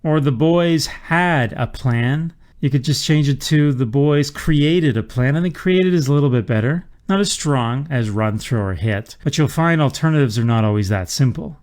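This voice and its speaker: A man's voice: medium pitch, moderate pace, hardly any pauses, darkish tone. A man teaching a writing lesson in an explanatory manner, reading example sentences aloud. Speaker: writing instructor. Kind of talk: lecture on writing.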